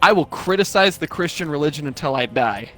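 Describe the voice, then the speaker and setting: A man's voice: on the high side, lively intonation, a little fast, bright, forceful tone, soft background music. A young man streaming live, ranting casually with lots of swearing and mocking put-on quotes of other people.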